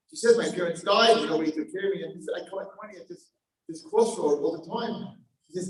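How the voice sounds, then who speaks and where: A man telling a parable during a Torah class, acting out the voices and swinging from hushed lines to shouts. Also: high-pitched, fast, slight background noise. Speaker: daf yomi teacher. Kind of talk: sermon storytelling. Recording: echoey hall from far off.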